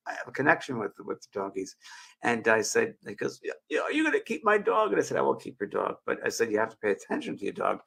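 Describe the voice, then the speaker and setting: Guy in his 60s rambling through a heartfelt story, gravelly husky voice, bright edge, webcam mic. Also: mid-range voice. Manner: rambling, emotional, with frequent restarts and laughs. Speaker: show host.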